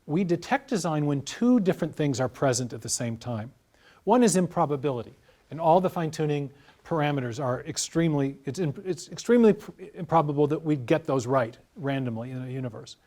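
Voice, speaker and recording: A man's voice: a little high, a little mellow. Lecturing man explaining with examples. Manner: measured, lecturing with examples and restarts. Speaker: guest scientist. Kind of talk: explanatory interview talk.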